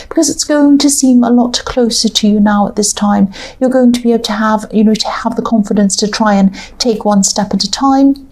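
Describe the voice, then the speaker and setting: A woman's voice: fairly high pitch, a little mellow. A woman doing a casual tarot reading to camera, thinking aloud in a rambling, hesitant way with many fillers. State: has the hiccups. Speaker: tarot reader.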